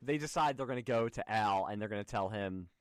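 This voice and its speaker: A man's voice: fairly low pitch, brisk, slight background noise. A man hosting a podcast, recapping an old episode in a casual, chatty way with frequent restarts. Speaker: podcast host. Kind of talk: casual chat.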